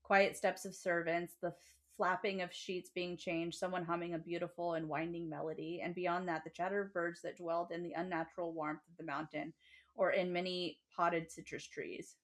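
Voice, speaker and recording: A woman's voice: fairly low pitch, normal speed. A woman co-hosting a podcast, chatting animatedly with frequent laughter and swearing, and reading passages from a novel aloud. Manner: animated, profane, laughs often. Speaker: podcast co-host.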